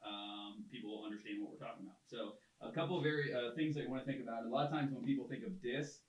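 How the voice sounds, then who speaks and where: A man's voice: mid-range voice, fast. A man who is a guest expert on a podcast, explaining step by step with many ums and uhs. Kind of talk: casual explanatory talk. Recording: roomy, a little distant from the mic.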